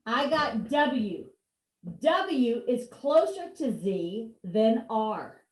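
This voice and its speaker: A woman leads a one-on-one reading lesson over a video call. Her voice sits high and her pace is slow and deliberate, with playful, encouraging prompts. The sound carries a roomy echo. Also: sing-song. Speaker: reading teacher.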